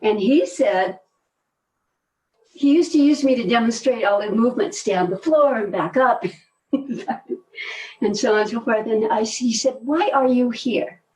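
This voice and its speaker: An older woman telling stories in a relaxed conversation, animated and laughing often, often trailing off mid-sentence. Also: on the high side, measured pace, pauses often, far from the mic, low-quality recording. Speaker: guest, movement teacher. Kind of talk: conversational storytelling.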